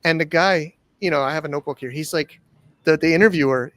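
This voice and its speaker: A man from the United States in his forties, telling stories from his own life. He rambles and restarts as he goes, and his voice sits slightly on the high side. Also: quick pace, a bit bright, dry recording. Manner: rambling, with restarts and acted-out quotes. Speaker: guest. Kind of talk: casual storytelling interview.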